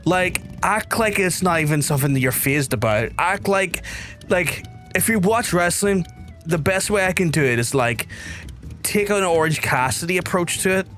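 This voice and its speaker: A young man with a softened Belfast accent chats loosely to his stream audience, trailing off and circling back as he plays. His voice sits a little high for a man. Faint music plays in the background. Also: normal speed. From Northern Ireland. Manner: rambling, chatty, reads chat aloud. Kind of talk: casual game stream chat.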